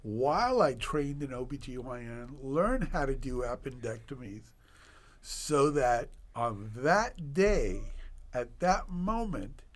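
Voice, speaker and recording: An older man, a doctor guest on a podcast, telling a personal story in conversation with animated delivery and laughter. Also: mid-range voice, slow pace.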